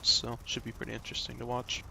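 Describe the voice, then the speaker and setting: A man casting a live esports match, giving relaxed analysis and schedule notes. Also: mid-range voice, fast, creaky, background noise. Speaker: esports caster.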